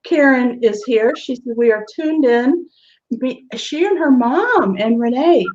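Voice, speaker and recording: A woman's voice: high voice, lively intonation, unhurried, a little mellow. A woman hosting a live online show, chatting casually and laughing often. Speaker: host. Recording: dull lo-fi web stream audio.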